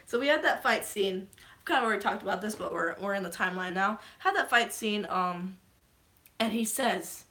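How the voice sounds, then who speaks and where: A vlogger casually recaps a movie's plot in a mid-range voice at a moderate pace. She's excitable and geeks out, swearing freely as she goes.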